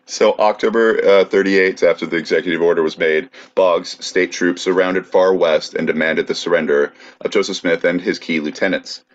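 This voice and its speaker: A man's voice: low-pitched, steady tone, normal speed, hardly any pauses, highs cut off. A man co-hosting a podcast, casually recounting history with plenty of fillers. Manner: laid-back, many fillers while recounting history. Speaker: podcast co-host presenting research.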